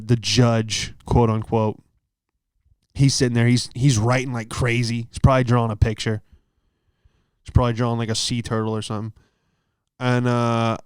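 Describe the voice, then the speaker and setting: Man, young adult, comedian host, smooth clear voice, dry close sound, loose and profane storytelling. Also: mid-range voice, dry recording. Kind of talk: rambling solo storytelling.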